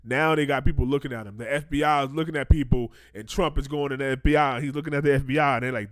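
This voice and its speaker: A man hosting a casual commentary show, reacting in animated slang and breaking into mocking quoted voices. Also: medium pitch, rapid-fire, few pauses, dry recording, clean studio sound.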